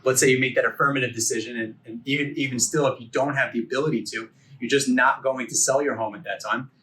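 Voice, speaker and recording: A man's voice: mid-range voice, steady tone, fast, bright, forceful tone, slight background noise. A man in his forties teaching a continuing education course in a conversational lecture, firing off rhetorical questions and checking in with "okay?" and "right?". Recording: voice a bit distant from the mic.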